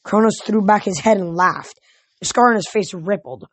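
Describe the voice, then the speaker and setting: Husky woman reading a novel aloud. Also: mid-range voice, normal speed, no echo. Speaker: reader.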